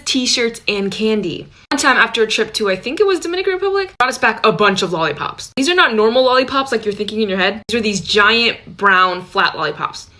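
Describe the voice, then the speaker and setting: A woman telling a childhood story in a chatty, wry way with quick asides. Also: mid-range voice, bright, forceful tone. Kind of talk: casual storytime narration.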